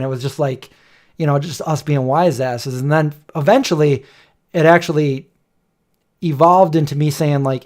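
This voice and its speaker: A man's voice: a little high, steady tone, normal speed, a little mellow. A middle-aged man hosting a casual livestream chat, rambling and joking as he tells stories. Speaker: host.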